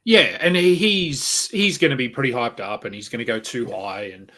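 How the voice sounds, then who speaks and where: A man's voice: medium pitch, moderate pace, bright, forceful tone. A man appearing as a guest analyst, talking through fantasy sports picks in an easygoing way, thinking aloud with fillers. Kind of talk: casual fantasy sports chat.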